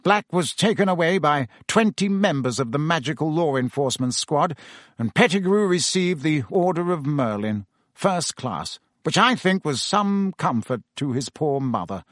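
A man's voice: a little high, expressive, normal speed, a bit bright, no room sound. A pompous, bustling official, as a male reader puts him on, fussy and self-important. His voice sits a little raised and rises and falls a lot. It is close and dry. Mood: earnest. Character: pompous middle-aged male minister, bustling and shaken.

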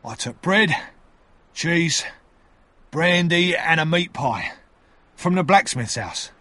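A man voicing a rough, desperate convict who speaks loudly and defiantly. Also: a little high, expressive, slow pace, no echo, pitched above the performer's own voice, full character voice. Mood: grave. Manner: loud, forceful and defiant. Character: rough desperate male convict, fierce and bitter.

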